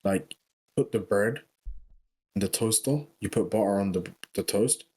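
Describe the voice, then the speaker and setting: Deep, husky British man. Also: unhurried, warm tone. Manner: laid-back, rambling, with many fillers. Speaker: podcast guest. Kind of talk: casual chat.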